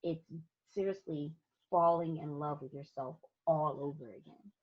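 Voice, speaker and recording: A woman's voice: low-pitched, unhurried, muffled recording. A woman photographer chatting as a podcast guest, telling stories with lots of emphasis and frequent laughter. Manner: animated storyteller, laughs often, emphatic. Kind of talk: casual interview chat.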